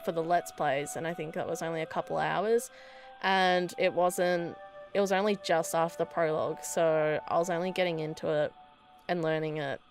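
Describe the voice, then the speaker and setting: A woman's voice: low voice, steady tone, moderate pace, faint music behind. A young woman hosting a let's play, reading game text aloud and chatting casually, self-deprecating with frequent laughs. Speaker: gaming video host.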